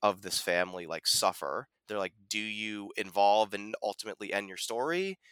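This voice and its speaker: A man co-hosting a podcast, chatting casually about a film, animated and full of fillers, acting out quotes. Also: lowish voice, moderate pace, smooth, no room sound. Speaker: podcast co-host.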